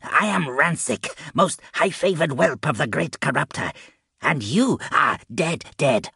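A man voicing a huge, menacing male rat demon with a high, growling, drawn-out delivery. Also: expressive, creaky, pushed and bright, husky, dry recording, studio quality, full character voice.

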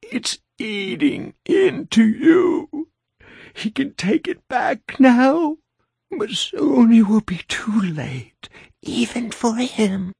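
A man's voice: extremely high pitch, lively intonation, extremely slow, vocal fry, a little mellow, breathy edge, no room sound, clean studio sound, voice pushed up, exaggerated voice. A man putting on a menacing lipless ghoul woman.

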